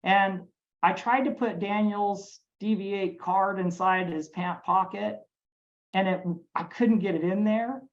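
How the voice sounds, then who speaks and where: A woman recounts a personal story in a webinar, earnest and halting. Her pitch sits in a middle range. The audio is muffled and dull, as if sent over a video call. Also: steady tone. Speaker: restaurant owner. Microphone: webinar microphone.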